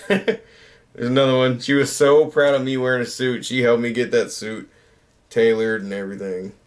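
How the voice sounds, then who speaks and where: Rambling man in his thirties, easygoing. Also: medium pitch. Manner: rambling, self-mocking, trails off. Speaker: YouTuber. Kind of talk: casual late-night chat.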